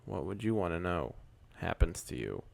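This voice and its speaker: Deep gravelly young man, rambling. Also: sing-song, moderate pace, darkish tone. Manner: rambling, jokey, laughs often. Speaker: podcast co-host. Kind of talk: casual chat.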